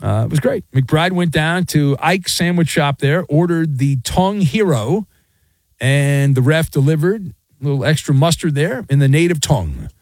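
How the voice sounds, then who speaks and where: A man's voice: on the high side, animated, moderate pace, a little mellow, no echo. A middle-aged man hosting a sports talk radio show, ranting in a sarcastic, mocking way. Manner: sarcastic, mocking, acts out quoted voices.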